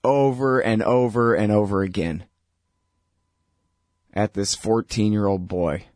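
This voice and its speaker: A man's voice: lowish voice, fairly even intonation, takes it slowly, a little mellow, no echo, clean studio sound. A male radio host giving blunt, heated political commentary in a conversational way, with frequent fillers.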